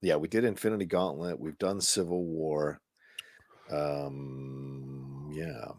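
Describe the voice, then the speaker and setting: A man's voice: rumbling low, steady tone, slow pace, darkish tone, dry recording, clean studio sound. A man co-hosting a podcast in casual chat, talking loosely, swearing now and then and trailing off in fillers. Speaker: podcast co-host.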